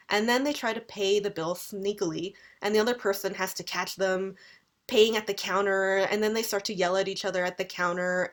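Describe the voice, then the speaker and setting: A young Canadian woman lecturing on everyday English, her voice sitting at an ordinary middle pitch. She speaks clearly and repeats practice phrases with deliberately exaggerated rises and falls, like a teacher modeling pronunciation for a class.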